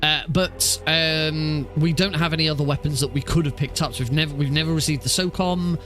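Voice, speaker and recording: A man's voice: fairly high pitch, fairly even intonation, brisk, a bit bright, soft background music. A young man streaming a speedrun, explaining tricks in a rambling way with many fillers and restarts. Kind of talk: live stream game commentary.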